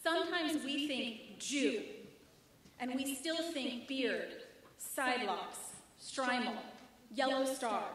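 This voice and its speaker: In a large synagogue sanctuary, a woman rabbi with a high, bright voice delivers a rhythmic sermon full of wry humor. The space is very echoey, she's recorded from some distance away, and there's a little hiss or hum.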